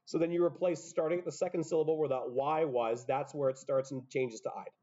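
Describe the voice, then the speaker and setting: A man's voice: a little high, steady tone, brisk, dark tone, dull audio. A man teaching a chemistry class, explaining step by step with offhand asides. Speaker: high school chemistry teacher. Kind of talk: classroom lecture.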